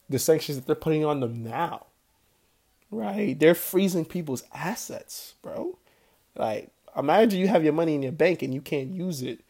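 A man's voice: on the high side, dark tone. A young man hosting a podcast in casual solo commentary, chatty and slangy, often asking "right?" to his listeners. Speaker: podcast host.

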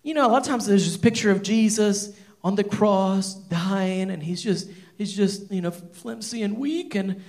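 A man preaching a sermon, retelling a Bible story in animated, casual storytelling with lots of "like". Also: sits high. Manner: animated storytelling, many fillers like "like". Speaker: pastor.

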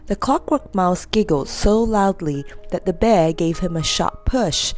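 A woman reading a children's story aloud in a lively, expressive way. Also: fairly low pitch, measured pace, few pauses, soft background music.

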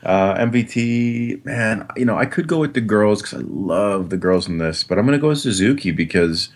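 Husky low-voiced laid-back podcast guy. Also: animated, moderate pace. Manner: laid-back, crude joking, says "man" a lot. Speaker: podcast co-host. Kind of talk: casual film review chat.

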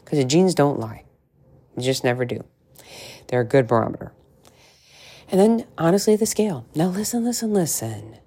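A woman's voice: low voice, animated, moderate pace, long pauses, warm tone, husky. A middle-aged woman coaching on weight loss in a frank, chatty monologue, swearing freely and tossing in asides. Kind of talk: casual podcast monologue.

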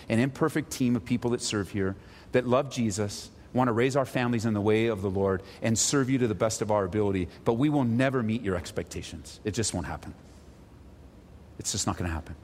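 A man, the pastor, preaching a sermon to his congregation in a conversational way, dropping low for asides and rising for exhortation. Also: darkish tone, big-room sound. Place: church sanctuary.

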